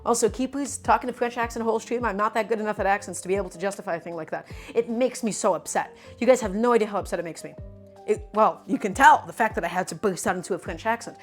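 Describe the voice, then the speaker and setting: A woman's voice: mid-range voice, quick pace, faint music behind. A woman streaming a live cooking demonstration, talking animatedly to viewers as her friends and repeating her points with emphasis. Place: home kitchen.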